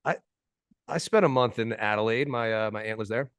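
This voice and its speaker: Laid-back low-voiced guest, dry close sound. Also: male voice, fairly quick, smooth, dry recording. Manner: laid-back, slangy, trails off quietly. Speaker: podcast guest. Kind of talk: casual podcast chat.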